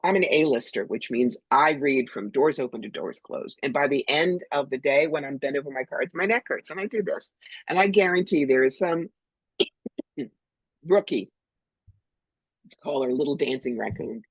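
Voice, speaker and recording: امرأة مسنّة من نيويورك بصوت أجشّ، تتحدث بصراحة وحيوية كضيفة في مقابلة، في تسجيل جاف قريب. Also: female voice, low voice, normal speed, breathy edge, no room sound, rough recording. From New York. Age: older. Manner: blunt, animated, acts out voices. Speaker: psychic medium, guest. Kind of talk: storytelling interview talk.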